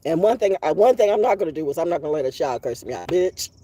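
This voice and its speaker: A woman telling a long story outdoors in a casual vlog monologue, profane and animated, laughing now and then and coughing from allergies. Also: deep voice, fast talker, breathy edge, dry recording. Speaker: vlogger.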